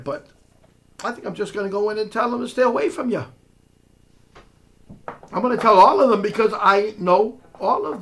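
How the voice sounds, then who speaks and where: A man delivering a confrontational monologue, scolding and mocking someone he speaks to directly. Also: high voice. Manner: sarcastic, mocking. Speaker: online commentator.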